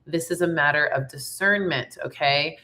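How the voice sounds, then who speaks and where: Raspy-voiced woman with low, bright tone. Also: normal speed. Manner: upbeat, chatty, slangy. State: raspy from laryngitis. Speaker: tarot reader and singer. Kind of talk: casual spiritual vlog talk.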